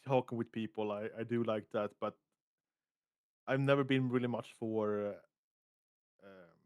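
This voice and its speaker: A man's voice: medium pitch, fairly even intonation, normal speed, darkish tone, clean tone, dry recording. Hesitant man, dry close sound. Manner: hesitant, many fillers and restarts. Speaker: podcast guest. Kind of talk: casual chat.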